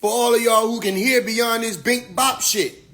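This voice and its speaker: Preachy high-voiced man on a livestream. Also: moderate pace. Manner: preachy, rhetorical questions, profane, animated. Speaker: livestream host. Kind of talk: Instagram Live monologue.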